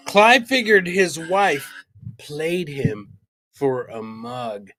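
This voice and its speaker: A man's voice: a little high, expressive, extremely slow, fairly bright tone, faint music behind. A man co-hosting a podcast, retelling a crime story in a casual style with irreverent, crude jokes. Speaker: podcast co-host. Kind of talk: casual comedic true-crime chat.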